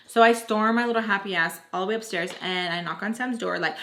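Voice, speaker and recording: A woman's voice: medium pitch, fairly quick. A young woman telling a personal storytime to her viewers in casual slang, acting out the voices of the people in it. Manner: animated, acts out quoted dialogue. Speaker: vlogger. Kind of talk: storytime narration.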